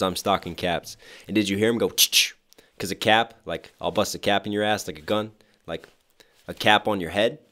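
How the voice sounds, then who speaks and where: A hoarse man, a rapper, reacting to a song and animatedly explaining its wordplay line by line. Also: lowish voice, a bit bright. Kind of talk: music reaction commentary.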